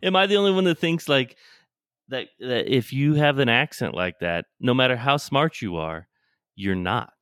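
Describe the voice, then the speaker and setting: A man's voice: mid-range voice, animated, moderate pace, a bit bright, no echo, studio quality. A man co-hosting a casual podcast chat, hesitant, with many fillers and restarts. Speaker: podcast co-host.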